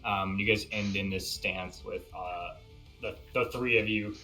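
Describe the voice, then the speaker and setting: A man narrating a tabletop game as game master, halting and full of fillers. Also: fairly low pitch, steady tone, pushed and bright, soft background music.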